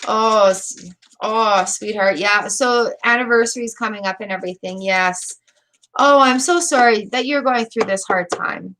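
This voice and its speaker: A woman's voice: medium pitch, measured pace, a bit bright. A middle-aged woman giving a live tarot reading, chatty, emotional and rambling with fillers. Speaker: tarot reader.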